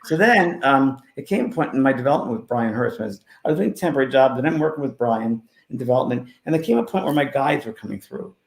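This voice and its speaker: Gravelly-voiced man telling stories. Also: mid-range voice, fast talker, hardly any pauses. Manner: animated storyteller who swings between loud and hushed. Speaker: spiritual medium, guest. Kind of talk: casual storytelling interview. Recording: roomy echo.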